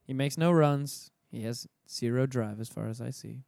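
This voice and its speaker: Man, casual podcast co-host, swears a lot, smooth clear voice, dry close sound. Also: medium pitch, moderate pace, a little mellow, no room sound. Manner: laid-back, profane, trailing mumbles. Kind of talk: casual chat.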